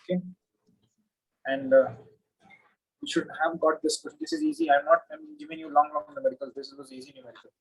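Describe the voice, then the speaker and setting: A man with a high, slightly husky voice tests a student over a video call. He talks patiently, repeats each question slowly and checks every step. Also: big pitch swings, rough recording. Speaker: physics teacher. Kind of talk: online oral exam questioning.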